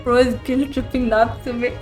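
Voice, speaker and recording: A woman's voice: fairly high pitch, little pitch movement, normal speed, darkish tone, soft background music. A woman with a strained throat giving casual, slangy asides while playing a game. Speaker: gaming streamer. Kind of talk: let's-play commentary.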